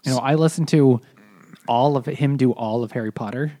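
A man's voice: mid-range voice, a little fast, dark tone, no echo, studio quality. A man co-hosting a casual podcast chat, easygoing and agreeable. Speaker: podcast co-host.

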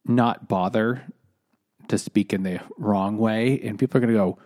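Mellow-voiced man in rambling casual chat. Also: on the low side, moderate pace. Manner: rambling, frequent restarts and fillers, laughs easily. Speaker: podcast co-host discussing a book.

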